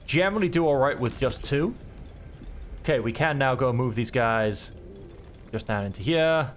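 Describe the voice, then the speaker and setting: A man giving relaxed, chatty commentary while playing a video game, thinking aloud as he goes. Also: medium pitch, normal speed, a little hiss or hum. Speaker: gameplay streamer. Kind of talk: relaxed let's-play commentary.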